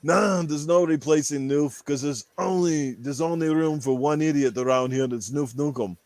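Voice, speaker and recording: A man with a rough throat putting on a crude, boastful action-star impression, ranting vulgarly. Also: fairly high pitch, moderate pace, darkish tone, dry recording, lightly acted. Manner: vulgar, boastful, rambling rants.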